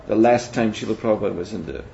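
A man teaching a spiritual seminar in a measured, reflective way, often pausing to hesitate. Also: on the low side, creaky, warm tone. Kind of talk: spiritual lecture. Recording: dull lo-fi recording with faint hiss.

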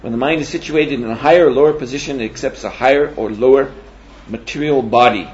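A man teaching a spiritual seminar in a measured, reflective way, often pausing to hesitate. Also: medium pitch, darkish tone. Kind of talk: spiritual lecture. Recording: dull lo-fi recording with faint hiss.

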